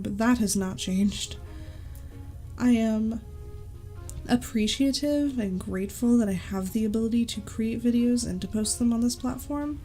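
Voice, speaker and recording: A woman's voice: medium pitch, dark tone. A woman talking casually to her viewers in a channel update, chatty, apologetic and easily sidetracked. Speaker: YouTuber giving a channel update. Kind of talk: casual chat to camera. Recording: faint music behind. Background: faint background music.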